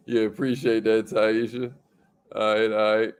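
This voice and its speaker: A man's voice: lowish voice, clean tone. A man hosting a livestream in an upbeat, slangy, casual way, reading out viewer comments and laughing often. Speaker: livestream host.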